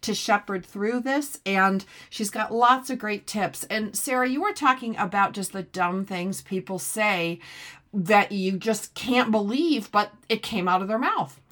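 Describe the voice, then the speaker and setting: A middle-aged woman hosts a podcast in a medium-pitched, fairly bright voice, speaking a little slowly. She reads an ad, then chats loosely with a guest, rambling with lots of fillers and asides.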